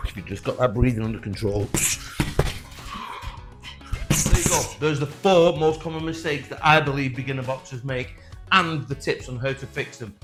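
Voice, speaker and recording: A man's voice: mid-range voice, moderate pace, pauses often. Male boxing coach, direct and encouraging, mid-range voice, faint music bed. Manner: direct, encouraging, demonstrates as he talks. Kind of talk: instructional coaching talk.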